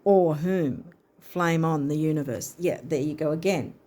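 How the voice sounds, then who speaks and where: A woman's voice: sits low, measured pace, mellow. A woman giving a casual astrology and card reading, chatty and thinking aloud with hesitations.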